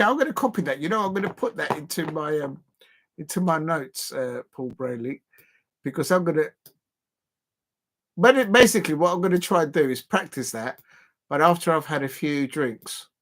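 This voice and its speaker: A man's voice: a little high, lively intonation, normal speed, pauses often, fairly bright tone. A man hosting a football watch-along livestream in casual, rambling chat, calling out to the fans watching. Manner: rambling, chatty, addresses fans directly. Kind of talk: casual live-stream chat.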